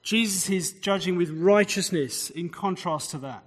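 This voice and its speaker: A man's voice: sits high, unhurried. A man preaching a sermon, explaining scripture with conversational asides and rhetorical questions. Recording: long hall reverb.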